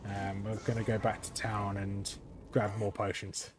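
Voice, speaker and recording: A man's voice: fairly low pitch, a little slow. Chatty young man streaming a game. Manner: chatty, thinking aloud with frequent ums and restarts. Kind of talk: live gameplay commentary. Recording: steady background noise.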